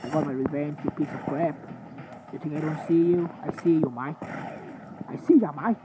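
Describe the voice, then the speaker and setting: A man giving sleepy, swear-filled gaming commentary, trash-talking opponents and mocking himself, with loud game noise underneath. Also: fairly high pitch, steady tone, a little fast. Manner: sleepy, swearing trash talk with self-mockery. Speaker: gamer. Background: loud game sounds.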